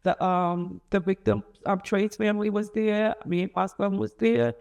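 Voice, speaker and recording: A woman's voice: mid-range voice, steady tone, gravelly, a little mellow, lo-fi sound. Emotional middle-aged woman telling her story. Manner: rambling, halting storytelling with many restarts; emotional, rising and falling with feeling. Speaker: interviewee, mother of a convicted son. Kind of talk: emotional personal account in an interview.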